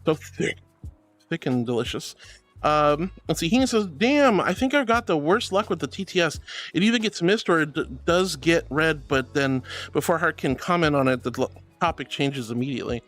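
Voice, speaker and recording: A man's voice: fairly high pitch, animated, moderate pace, a bit bright, soft background music. A man streaming live, reading chat messages aloud in a playful, giggly, affectionate way.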